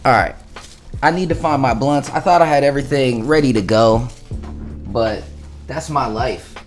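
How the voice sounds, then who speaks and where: A young man livestreaming from home, chatting loosely with his viewers, swearing freely and rambling through his talk. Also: mid-range voice. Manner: loose, profane, talks to chat. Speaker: livestreaming musician. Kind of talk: casual livestream chat. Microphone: studio mic through interface.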